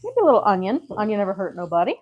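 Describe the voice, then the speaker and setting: A woman's voice: mid-range voice, big pitch swings, racing, lo-fi sound, slight background noise. A woman vlogging casually from her home kitchen, out of breath and frazzled, chatting to herself as she gathers things. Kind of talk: casual cooking vlog chat.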